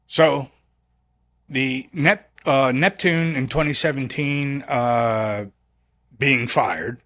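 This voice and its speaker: A man's voice: mid-range voice, a bit bright. A man, a company founder telling stories as a podcast guest, rambling and restarting often and acting out quoted conversations. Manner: rambling, halting, with many restarts and quoted dialogue. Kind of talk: casual storytelling interview.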